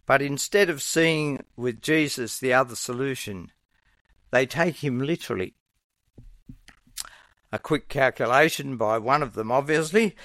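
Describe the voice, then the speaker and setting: A man preaching a sermon in a measured, earnest way, now and then acting out the voices of the people in his story. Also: medium pitch, a bit bright, no room sound.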